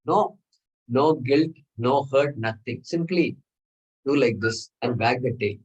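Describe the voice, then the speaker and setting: A man's voice: medium pitch, slow pace, husky, low-quality recording. Male scripture teacher, patient explanatory lecturing, repeats his phrases, mid-range voice. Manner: explanatory, repetitive phrasing with Sanskrit terms.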